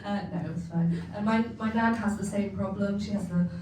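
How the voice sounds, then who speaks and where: At normal speed and with a steady, medium-pitched tone, a young female stand-up from England performs on a comedy club stage amid crowd noise. Her chatty, self-mocking act has her laughing often while acting out family members. Recorded at a distance in an echoey space, with a faint hum.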